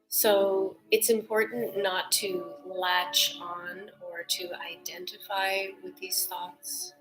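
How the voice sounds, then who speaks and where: A woman leading a guided breathing meditation, soft-spoken and calm, often drifting into whispers, then gently teaching. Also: medium pitch, slow pace, soft background music, poor audio.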